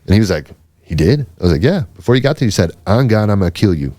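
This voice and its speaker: A podcast host with a fairly low, warm voice and big pitch swings talks quickly through a rambling story, swearing freely and acting out what others said. The casual chat is recorded with clean studio sound and no echo.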